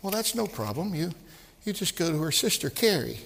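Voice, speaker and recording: A man's voice: sits high, sing-song, a little fast, vocal fry, fairly bright tone, a little hiss or hum, exaggerated voice. A man doing a pushy woman lamb seller. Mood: breezy. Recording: long hall reverb.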